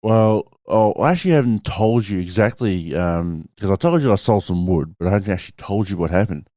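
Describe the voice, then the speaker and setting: Low-voiced man, swearing casually. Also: expressive, brisk, warm tone, no room sound, studio quality. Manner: swears a lot, rambling with fillers. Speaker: podcast host. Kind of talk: casual podcast chat.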